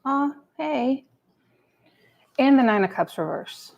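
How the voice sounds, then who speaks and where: A woman with a high-pitched, expressive voice speaks slowly, her tone gravelly and darkish. She's giving a live tarot reading at her home table with a cat nearby, chatting casually, muttering to herself and swearing freely as she pulls cards. The recording quality is low.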